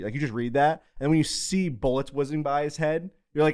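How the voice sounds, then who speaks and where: A man hosting a podcast in casual chat, telling stories in a rambling, excitable way with plenty of fillers. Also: mid-range voice, quick pace, few pauses. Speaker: podcast host.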